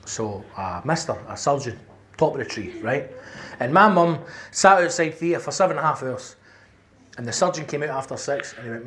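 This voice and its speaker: Brash, sweary Glaswegian stand-up comic. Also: male voice, medium pitch, expressive, moderate pace, a bit bright. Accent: Scottish, Glasgow. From Scotland. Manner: brash, sweary storytelling, frequent "right?". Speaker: stand-up comedian. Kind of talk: stand-up comedy set. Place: comedy venue on stage. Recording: roomy live club with faint noise.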